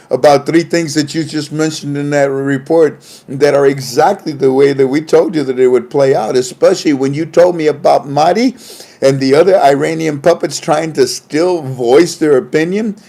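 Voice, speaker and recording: An online commentator goes over reports in a casual livestream recorded on his phone. His voice is mellow and darker yet on the high side and gravelly, at normal speed, and he keeps trailing off, restarting, and slipping in chuckling asides.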